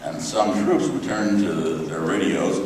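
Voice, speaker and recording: A man's voice: fairly low pitch, unhurried, darkish tone, a little hiss or hum. An older American man giving a humorous lecture, telling wry anecdotes with dry jokes and frequent fillers. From United States. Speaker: guest speaker. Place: large lecture hall. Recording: echoey hall recording from far off.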